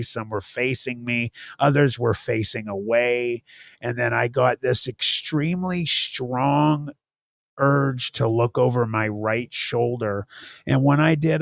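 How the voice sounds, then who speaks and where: A middle-aged man hosting a live stream, telling a personal story slowly and earnestly with many fillers. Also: mid-range voice, gravelly, dry recording, clean studio sound. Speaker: host. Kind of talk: casual live-stream talk.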